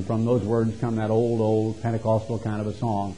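A man preaching a sermon, emphatic and full of rhetorical questions, swinging from hushed to loud. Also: lowish voice, level tone, normal speed, low-quality recording.

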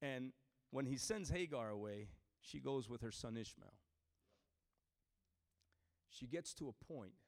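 A man preaching a sermon to a church, swinging from shouted exhortation to hushed, near-whispered storytelling. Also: mid-range voice, animated, a little slow, vocal fry, long pauses.

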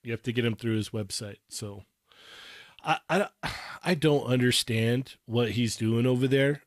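A man's voice: medium pitch, no echo. Teasing man with a dry close voice. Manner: teasing, chuckling, drawn-out asides. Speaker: podcast co-host. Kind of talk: casual chat among collectors.

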